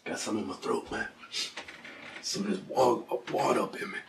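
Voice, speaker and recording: A man's voice: on the low side, fairly quick, creaky, background noise. A man co-hosting a casual comedy chat, mumbling and teasing crudely. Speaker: co-host.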